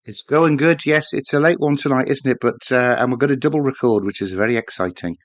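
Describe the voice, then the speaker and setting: A man co-hosting a casual football podcast, relaxed and rambling, with dry asides. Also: mid-range voice, fairly quick, no echo. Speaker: podcast co-host.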